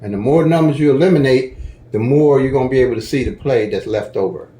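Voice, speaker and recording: Chatty man with a mellow voice in an echoey room. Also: mid-range voice, fast, a little hiss or hum. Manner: folksy, chatty, repeats "okay?" to check in. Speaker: lottery strategy teacher. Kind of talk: casual tutorial walkthrough.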